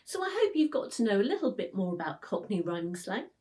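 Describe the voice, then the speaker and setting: A woman's voice: mid-range voice, big pitch swings, fast talker, recorded from a distance, heavy background noise. A woman, patiently explaining slang to learners as their teacher. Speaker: English teacher.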